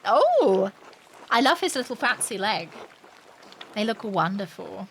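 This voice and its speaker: A woman's voice: mid-range voice, sing-song, unhurried, a bit bright, slight background noise. A woman streamer chatting and joking casually while reading a game aloud. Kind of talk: casual gameplay commentary.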